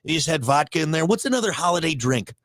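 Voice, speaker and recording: A man's voice: fairly high pitch, very animated, quick pace, fairly bright tone, no room sound. A man co-hosting a casual talk show, rambling and joking with frequent restarts. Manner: rambling, jokey, many restarts. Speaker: co-host. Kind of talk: casual chat.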